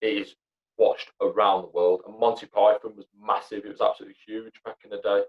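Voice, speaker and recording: A man's voice: lowish voice, flat delivery, brisk. A young man, a podcast guest chatting casually, blunt and sweary, rambling with lots of fillers. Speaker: podcast guest, comedy actor and writer. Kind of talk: casual chat. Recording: dull lo-fi sound.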